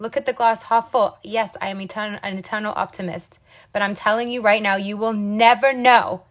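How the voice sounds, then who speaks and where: A woman's voice: mid-range voice, steady tone, normal speed, fairly bright tone, muffled recording. A young adult woman in sales, giving a fired-up, passionate motivational talk on a livestream. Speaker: direct sales rep.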